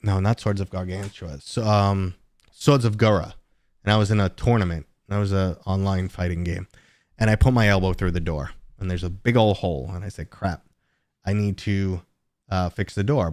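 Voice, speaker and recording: A man chats casually on a live stream, drifting off on tangents and filling pauses with ums and uhs. His voice sits a little low. The sound is dry and close, with almost no room echo. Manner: rambling and chatty, full of tangents and fillers; jumps to a much higher, louder pitch when greeting viewers. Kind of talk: casual live-stream chat answering viewer questions.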